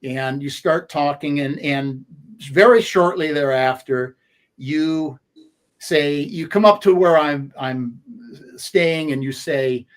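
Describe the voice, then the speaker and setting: A man in his sixties, a sports radio co-host, reminiscing at length in a halting way with many fillers. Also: on the high side. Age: 60s. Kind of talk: conversational storytelling.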